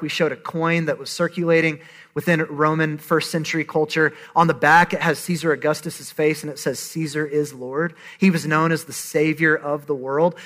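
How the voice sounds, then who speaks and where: A man's voice: sits high, fairly bright tone. A man in his thirties preaching a sermon, conversational and emphatic. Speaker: pastor.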